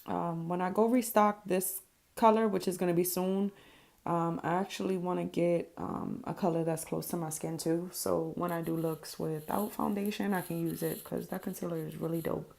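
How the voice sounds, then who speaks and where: A woman's voice: lowish voice, fairly even intonation, moderate pace, creaky, darkish tone. A woman talking casually through her makeup routine as a vlogger, candid and swearing freely with lots of ums. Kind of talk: casual makeup tutorial voice-over.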